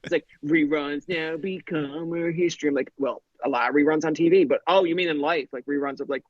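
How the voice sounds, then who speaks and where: A man in his thirties tells stories in casual podcast chat, acting out quotes with plenty of "like." His voice sits a little high. The recording is dry and dull, with a slightly lo-fi edge. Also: fast, dry recording. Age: 30s. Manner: animated storyteller, acts out quotes, says "like" a lot.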